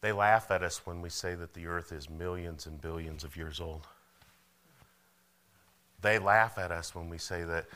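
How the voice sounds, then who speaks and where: A man's voice: low-pitched, steady tone, moderate pace, pauses often, bright, forceful tone. A man preaching a sermon in a church, folksy and full of rhetorical questions and calls for amen. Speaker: pastor. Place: church sanctuary.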